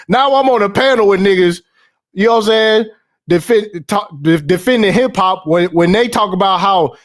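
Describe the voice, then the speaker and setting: A young man hosting a casual stream, ranting in heavy slang with lots of swearing, repeats and laughs. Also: sits high. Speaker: podcast host. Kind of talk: casual livestream rant.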